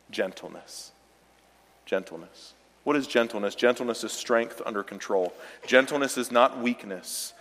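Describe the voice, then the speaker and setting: In a church sanctuary, a male pastor preaches a sermon with emphatic, direct exhortation. His voice is on the low side and fairly bright, and the recording carries the long reverb of a large church hall.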